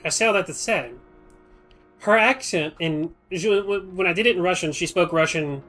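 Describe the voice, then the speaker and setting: A man streaming a video game live, chatting and thinking out loud in a rambling, casual way. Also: high voice, moderate pace, soft background music.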